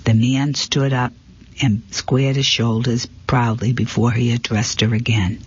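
A man with a husky, mid-pitched voice reads a mystery novel aloud in the first person. His delivery is steady and plain, with the odd slip. The recording sounds dull and lo-fi. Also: a little slow. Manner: plain, steady storytelling with small slips. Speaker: narrator.

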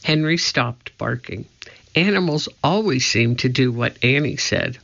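Storybook reader: man, slow and gravelly, dull lo-fi recording. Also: mid-range voice, expressive, a bit bright. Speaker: narrator. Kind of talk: reading a children's book aloud.

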